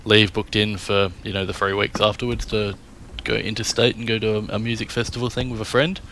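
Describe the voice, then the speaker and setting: Bright-voiced Australian man, low pitch. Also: little pitch movement, a little fast, slight background noise. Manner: laid-back, swears freely, trails off with fillers. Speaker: podcast guest. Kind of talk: casual chat.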